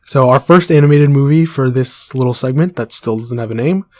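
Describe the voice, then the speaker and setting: A man's voice: medium pitch, a little fast, a little mellow, dry recording. Dry-sounding young man hosting a podcast. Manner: playful, teasing, runs the segment. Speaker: podcast co-host. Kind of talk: casual podcast chat.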